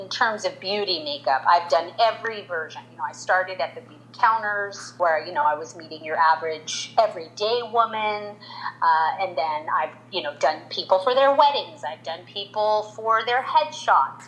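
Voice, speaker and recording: A woman's voice: slight background noise, poor audio. A woman in her forties, a veteran makeup artist, telling a personal story in an interview and acting out the quoted lines. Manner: animated, acts out quotes in higher voice.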